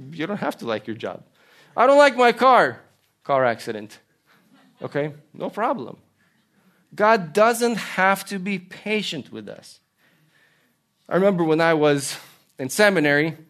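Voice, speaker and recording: Earnest higher-voiced male preacher. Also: a bit bright. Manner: earnest preaching with storytelling and rhetorical questions. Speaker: pastor. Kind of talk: sermon.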